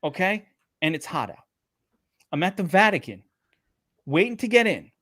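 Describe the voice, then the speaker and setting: Animated New man, high and lively. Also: normal speed, dry recording, clean studio sound. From Brooklyn, New York. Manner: animated, profane storyteller. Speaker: sports betting podcast co-host. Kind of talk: casual chat.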